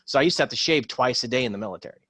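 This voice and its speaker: A man, a former Marine, telling a war story in casual podcast chat, rambling with many pauses and swearing freely. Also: mid-range voice, animated, fairly bright tone, no room sound.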